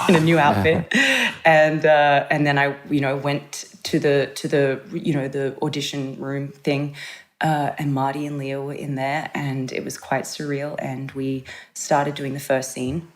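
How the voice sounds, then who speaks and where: A woman in her thirties with an Australian accent, telling a lively story as a podcast guest and acting out the voices of the people in it. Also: low-pitched, moderate pace. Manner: animated storyteller, acts out quoted voices. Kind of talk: casual anecdote.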